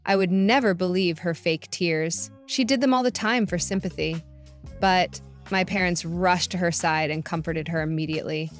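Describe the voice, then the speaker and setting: A woman's voice: fairly low pitch, normal speed, soft background music. Sarcastic young woman narrating a story. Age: young adult. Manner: sarcastic, indignant. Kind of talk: first-person story narration.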